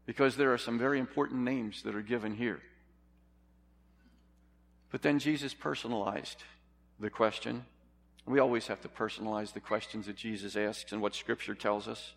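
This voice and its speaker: A man delivers a sermon with earnest emphasis, stopping often to ask his listeners questions. His voice sits at an ordinary middle pitch, and a long reverb trails after his words as if he stands in a large hall. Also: moderate pace. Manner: earnest, emphatic preaching with rhetorical questions to the congregation. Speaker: preacher.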